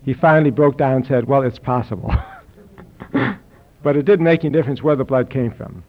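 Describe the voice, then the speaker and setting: A man's voice: medium pitch, fairly quick. An older man telling a personal story to a live audience in a dry, wry, anecdotal way. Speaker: speaker telling his health story. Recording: dull lo-fi recording with audience laughter.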